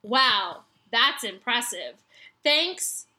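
Bright, slow-reading woman with listener mail. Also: high-pitched. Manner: measured, amused reading, laughs in between. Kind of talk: reading letters aloud on a podcast.

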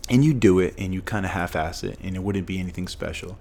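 A man's voice: low-pitched, quick pace, vocal fry, darkish tone, slight background noise. A middle-aged man from Massachusetts, a former football player telling stories as a podcast guest, emphatic and fond of repeating phrases for punch. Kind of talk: storytelling in a podcast conversation.

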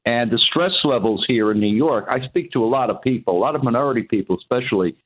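A man calling a radio talk show, speaking haltingly and repeating words. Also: medium pitch, breathy edge. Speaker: caller. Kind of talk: phone-in chat. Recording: tinny phone line.

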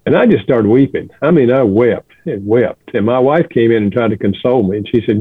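An older man, a guest counselor, telling a personal story in an earnest, gentle way. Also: mid-range voice, lively intonation, fairly quick, breathy edge, no room sound. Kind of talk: reflective storytelling. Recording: dry, phone-like line.

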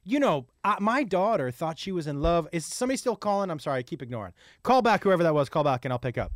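A middle-aged man, a comedian, telling crude family stories in quick, animated casual chat. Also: fairly high pitch, no echo, studio quality. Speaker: comedian and podcast host.

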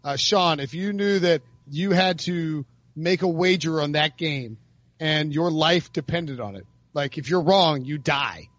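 A man's voice: a little high, a little slow, fairly bright tone, dry recording. Joking man rattling off football stats. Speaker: podcast host. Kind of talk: casual sports chat. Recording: dry, dull lo-fi sound.

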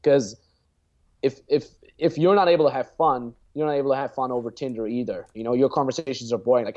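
A man's voice: medium pitch, steady tone, fast, darkish tone, lo-fi sound. A man in his twenties, a guest dating coach, chatting casually in a blunt, profane way and acting out example lines. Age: 20s. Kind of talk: casual podcast chat.

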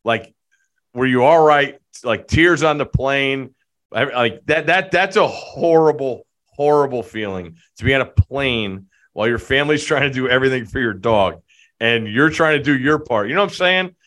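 A man's voice: mid-range voice, expressive, normal speed, fairly bright tone. A man co-hosting a podcast, in friendly casual chat, checking in on his friend. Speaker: podcast co-host.

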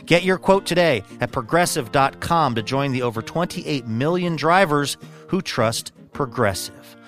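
A man's voice: on the high side, lively intonation, measured pace, fairly bright tone, soft background music. Upbeat male ad announcer. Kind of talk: read advertisement.

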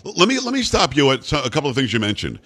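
A man's voice: mid-range voice, wildly swooping pitch, very fast, bright, forceful tone, slightly rough. A man hosting a talk radio interview, brash and blunt, cutting in on his guest. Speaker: radio talk show host.

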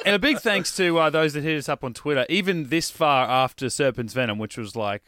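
A man's voice: a little high, fairly quick, fairly bright tone, no echo, clean studio sound. A man co-hosting a podcast, chatting casually and counting down his ranked list with upbeat energy. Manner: upbeat, ranks episodes in a list. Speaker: podcast co-host.

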